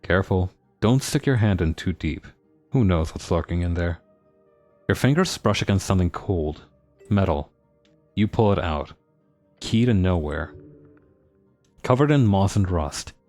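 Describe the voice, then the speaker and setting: Animated man narrating a game. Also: low voice, unhurried, long pauses, no room sound, soft background music. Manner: dramatic narration with asides. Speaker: streamer reading a story game. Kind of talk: narrating a text game on stream.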